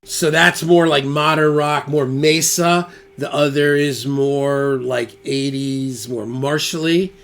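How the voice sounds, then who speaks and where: Over loud electric guitar playback, a man runs through a relaxed tone demo as a guitarist demonstrating his gear. His voice sits on the high side, steady and slow, with few pauses, and he muses aloud, drifting off as he adjusts things.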